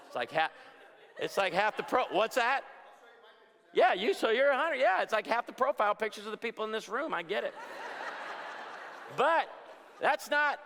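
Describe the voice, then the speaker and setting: Before a live audience in a reverberant hall, a forties-aged pastor and speaker from outside Chicago tells jokey stories with punchlines and asks the crowd for amens during a humorous conference talk. His voice sits high with big pitch swings, at a moderate pace with long pauses.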